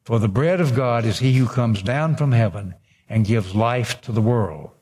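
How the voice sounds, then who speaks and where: A man's voice: mid-range voice, normal speed, a little mellow, breathy edge. A man preaching a sermon, reading scripture aloud and breaking in with emphatic asides. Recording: long hall reverb.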